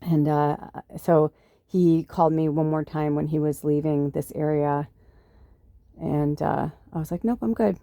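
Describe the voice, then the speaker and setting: A woman's voice: sits low, flat delivery, a little slow, mellow, no room sound, studio quality. A woman hosting a spiritual podcast, chatting loosely through a personal story with lots of fillers and retold dialogue. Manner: chatty, full of fillers, quotes others in her own voice. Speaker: podcast host.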